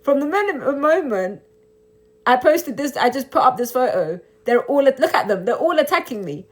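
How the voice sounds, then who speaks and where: A woman's voice: high voice, big pitch swings. Indignant young woman on a phone live stream. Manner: switches between English and Albanian, taunting and indignant; rapid, repetitive rhetorical questions. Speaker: livestreamer. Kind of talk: live-stream chat answering comments.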